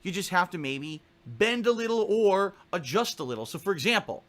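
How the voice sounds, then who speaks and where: A man's voice: high-pitched, big pitch swings, moderate pace, a bit bright. A man talking earnestly to his viewers in a monologue video, explaining his plans and repeating points for emphasis. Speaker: streamer addressing his viewers.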